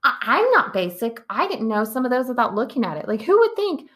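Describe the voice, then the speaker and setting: A woman's voice: fairly high pitch, sing-song, brisk, fairly bright tone. A woman co-hosting a podcast in casual chat, rambling along with lots of "like". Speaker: podcast co-host.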